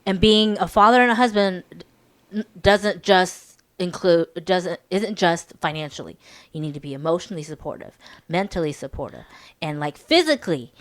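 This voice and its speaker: A woman's voice: lowish voice, normal speed. A woman co-hosting a casual podcast, talking candidly with lots of fillers. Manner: candid, acts out quoted voices, many fillers. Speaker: podcast co-host. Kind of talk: casual chat.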